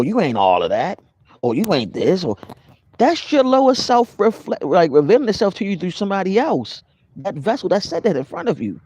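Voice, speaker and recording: A man's voice: extremely high pitch, no echo. A man giving a casual motivational spiritual talk to his viewers, greeting them by name as he goes. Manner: animated, conversational, addresses live viewers by name. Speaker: spiritual vlogger.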